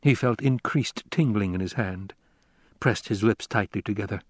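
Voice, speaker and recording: A man narrating an audiobook in a measured, unhurried way. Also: on the low side, slightly rough, dry recording, studio quality. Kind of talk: scripted narration.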